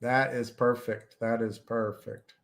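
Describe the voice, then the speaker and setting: A man from the United States, hosting a livestream and talking casually in a slow, rambling way, with many fillers and restarts. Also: medium pitch, little pitch movement, gravelly, fairly bright tone. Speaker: livestream host.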